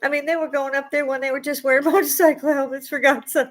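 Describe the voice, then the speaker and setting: A woman's voice: high-pitched, quick pace, poor audio. A woman in her sixties from the United States, delivering a blunt, profane, riled-up opinion monologue with sudden outbursts. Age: 60s. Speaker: vlogger.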